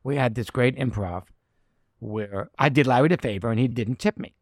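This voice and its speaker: A man's voice: medium pitch, moderate pace, no echo, studio quality. A middle-aged actor telling anecdotes in a casual chat, acting out the people he quotes. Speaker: actor guest.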